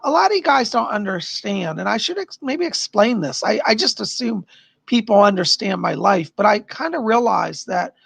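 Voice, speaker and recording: A tired middle-aged man with a raspy, worn voice, chatting upbeat with viewers as a psychic livestream host. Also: high-pitched, fairly bright tone, no room sound. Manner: chatty, upbeat, answers chat questions. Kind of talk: casual live-stream chat.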